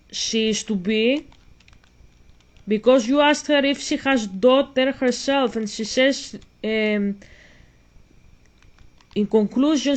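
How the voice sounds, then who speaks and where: Slow insistent woman vlogger. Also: a little high. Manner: slow, insistent, repeats herself while explaining. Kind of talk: spoken commentary on a video.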